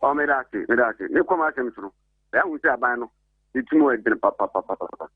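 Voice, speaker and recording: A man's voice: medium pitch, expressive, fast, no room sound. A man phoning in to a talk show to comment, stammering and repeating words. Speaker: caller. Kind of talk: phone-in comment. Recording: gravelly, muffled phone line.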